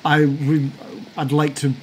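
A man voicing a grieving young man who speaks formally and politely, calmly turning down help. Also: on the high side, slow pace, a little hiss or hum, rough recording. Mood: composed, polite.

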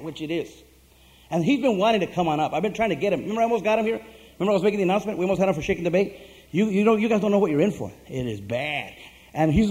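A man preaching to his congregation, telling a long story in a loose, rambling way with plenty of fillers and restarts. He acts out the lines of the people in the story. His voice sits fairly high for a man and sounds mellow and relaxed. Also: racing. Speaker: pastor. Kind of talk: casual sermon storytelling.

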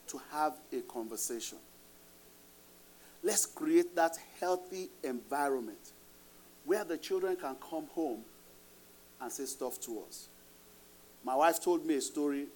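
A man's voice: a little high, animated, unhurried, pauses often, darkish tone. A middle-aged man with a Nigerian accent, preaching a sermon as pastor in an emphatic, raised voice, laughing between points.

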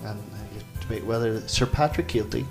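A man's voice: medium pitch, a little fast, faint music behind. A man hosting a casual comedy chat show, joking and laughing as he runs a quiz. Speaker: podcast host.

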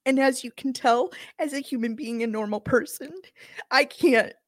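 A middle-aged woman co-hosting a podcast, telling a personal story in an emotional, animated way. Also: sits high, normal speed, dry recording, studio quality. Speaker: podcast co-host. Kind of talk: casual chat.

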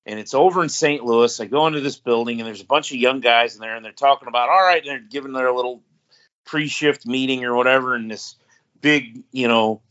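A man with a bright, forceful voice tells a long, rambling story in casual podcast chat. He chuckles between his sentences. The audio is a little dull and lo-fi. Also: medium pitch, fairly quick. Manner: rambling, laughs mid-story. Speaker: podcast co-host.

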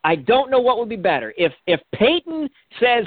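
A man's voice: very high voice, very animated, moderate pace, no echo. A man co-hosting a sports radio show, rambling and restarting his sentences, swearing casually. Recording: tinny phone-like sound.

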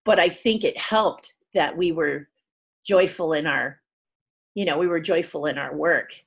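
Husky-voiced woman telling lively stories. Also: a little slow. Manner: lively storyteller who jumps high to act out quoted people. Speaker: guest, puppeteer. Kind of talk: animated storytelling interview.

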